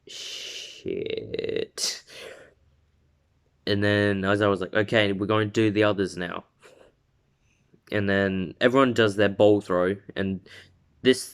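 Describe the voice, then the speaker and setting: Lowish-voiced man rambling through a fan story. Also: clear, resonant tone. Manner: rambling with fillers and laughs, acts out quotes. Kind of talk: casual spoken story retelling.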